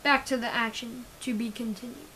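A woman's voice: a little high, steady tone, bright, forceful tone, slightly rough, low-quality recording. A woman reading her own action story aloud, stumbling and correcting herself often. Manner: halting, often restarting and correcting words. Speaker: story reader.

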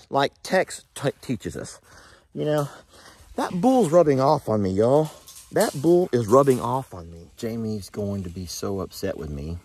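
A man, a ranch vlogger chatting folksily to the camera outdoors in a hot pasture, sometimes hushing and sometimes cooing at his animals. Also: medium pitch, big pitch swings, measured pace, husky, dry recording. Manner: chatty and folksy, shifts between loud and hushed, coos at animals. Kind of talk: casual vlog talk to camera.

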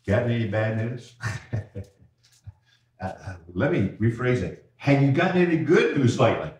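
A man preaching an evening sermon as pastor, folksy, repeating words and slowing down on key phrases. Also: mid-range voice, lively intonation, darkish tone, far from the mic. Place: church sanctuary. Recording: echoey church from afar.

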